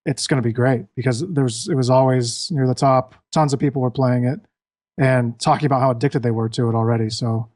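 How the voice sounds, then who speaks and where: Man, podcast guest, relaxed, restarts often, mid pitch. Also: a little fast. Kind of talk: casual gaming chat.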